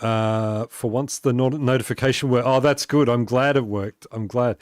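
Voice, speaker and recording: A man chatting easily through a live game stream, reading messages aloud and laughing often between tasks. His voice sits at an ordinary middle pitch. The sound is dry and close, with no room echo. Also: moderate pace, few pauses. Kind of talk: casual live-stream chat while playing.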